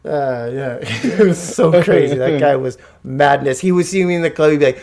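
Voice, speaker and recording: Animated storytelling man, higher voice. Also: moderate pace, crowd noise. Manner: animated, swearing, slangy. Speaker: podcast guest or co-host. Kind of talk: casual storytelling.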